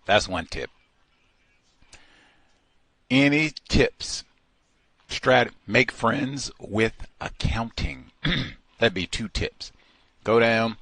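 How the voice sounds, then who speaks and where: A man hosting a call-in radio show, talking in a slow, deliberate and emphatic way. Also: medium pitch, vocal fry, fairly bright tone, no echo.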